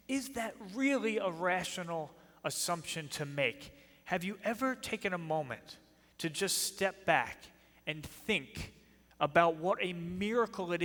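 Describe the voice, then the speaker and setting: A man's voice: a little high, a bit bright. A man with a New Jersey accent giving an emphatic apologetics talk in a church, putting rhetorical questions to the audience. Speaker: speaker. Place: church hall. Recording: long reverb of a church hall.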